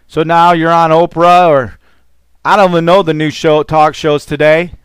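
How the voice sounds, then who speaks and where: A man's voice: on the high side, little pitch movement, normal speed, clear, resonant tone, no echo. A man preaching as a pastor, fervent and rambling, with call-and-response exclamations to his listeners. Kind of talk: preaching sermon.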